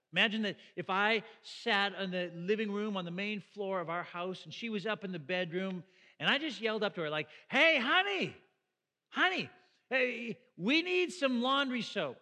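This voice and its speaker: A man's voice: high-pitched, fairly quick, bright, forceful tone, long reverb tail. A middle-aged man preaching a sermon as pastor, in a conversational way that asks the listeners questions. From Canada.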